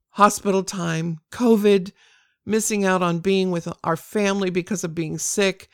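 Older woman, devotional podcast host, earnest and encouraging, lowish pitch, smooth resonant voice, dry close sound. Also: dry recording.

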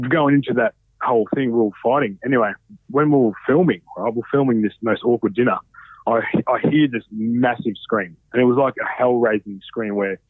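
A man telling stories in a casual, animated way, swearing freely. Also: medium pitch, no echo. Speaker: podcast guest, former reality show contestant. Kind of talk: casual storytelling. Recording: dry, phone-like narrow sound.

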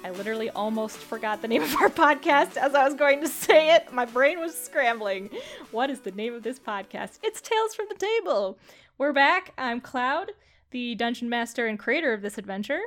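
High-voiced, laughing woman game master. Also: expressive, moderate pace, fairly bright tone, soft background music. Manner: self-deprecating, laughs often. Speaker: dungeon master and podcast host. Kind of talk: casual game-night chat.

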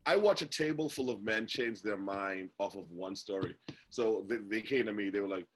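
A podcast co-host with a lowish voice chats casually at a normal speed, telling stories with animation and acting out what people said. A bit of hiss or hum sits under the recording.

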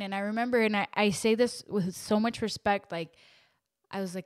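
A young woman hosting a podcast, telling a painful personal story in an emotional, halting way with lots of fillers and restarts. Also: a little high, clean tone. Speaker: podcast host.

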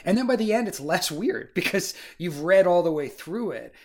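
A man's voice: high voice, big pitch swings, normal speed, a crowd in the background. A man co-hosting a casual book discussion, rambling and filling his talk with "like" and "you know". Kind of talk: casual chat.

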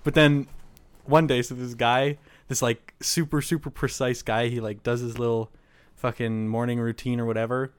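A man's voice: mid-range voice, level tone, moderate pace, clean tone, no room sound. A man in casual chat, teasing his co-host and retelling a listener's story.

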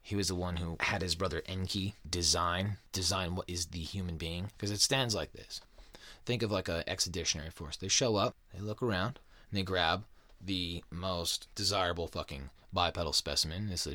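A man's voice: deep voice, moderate pace, a bit bright, dry recording. A man hosting a casual podcast, talking in a profane, rambling and sarcastic way. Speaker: podcast host. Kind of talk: casual chat.

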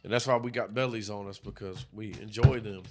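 A man co-hosting a podcast, telling stories in a loud, profane, animated way. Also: fairly low pitch, brisk, background noise. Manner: animated, profane storytelling with acted-out quotes. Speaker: podcast co-host. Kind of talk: casual chat.

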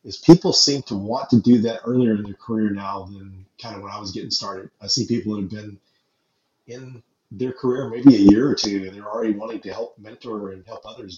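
A man's voice: on the low side, mellow. A man hosting a podcast, chatting in an easygoing, agreeable, reflective way. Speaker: podcast host. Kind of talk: casual chat. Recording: dull roomy sound with faint noise.

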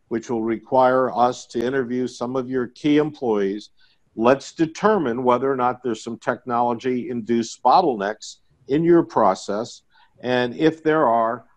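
A middle-aged man talks through his business method in a relaxed interview, slipping in homespun stories and little jokes. His voice sits in an ordinary middle register. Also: medium pitch. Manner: folksy storytelling with jokes. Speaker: guest, IT sales consultant. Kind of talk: conversational podcast interview.

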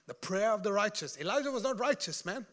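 Lively, bright-voiced male preacher. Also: high-pitched, quick pace. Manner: animated, joking, laughs at his own jokes, calls on the congregation. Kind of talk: sermon.

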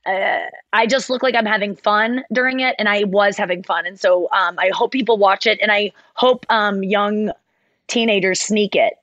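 A woman co-hosting a podcast in loose, candid chat. She rambles and restarts as she thinks aloud, her voice sitting at a middling pitch. The sound is close and dry. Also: steady tone, normal speed, a bit bright, no room sound, lo-fi sound. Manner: candid, rambling, self-correcting. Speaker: podcast co-host, comedian. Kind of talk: casual chat.

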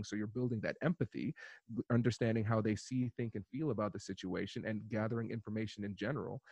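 A man in his thirties, a guest on a podcast interview, calmly and methodically explaining a conflict resolution framework. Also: fairly low pitch, dry recording. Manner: calm, methodical explaining with acted-out example dialogues.

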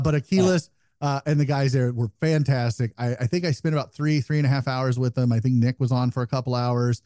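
A man co-hosting a casual podcast chat, telling stories in a swearing, animated way. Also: medium pitch, dry recording, studio quality. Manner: profane, animated storytelling. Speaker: podcast co-host.

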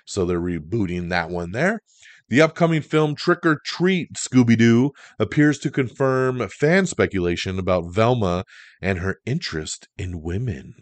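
A man hosting a podcast, running through entertainment news in a casual, animated way. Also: fairly low pitch, a little slow, no room sound. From Italian heritage. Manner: animated, chatty, breaks into goofy impressions. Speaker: podcast host.

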